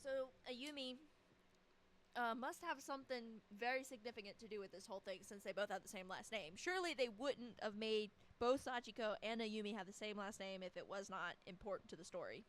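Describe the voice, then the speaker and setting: A woman's voice: mid-range voice, fairly quick. A woman giving casual commentary while playing a horror game, offhand and musing. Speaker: let's play narrator.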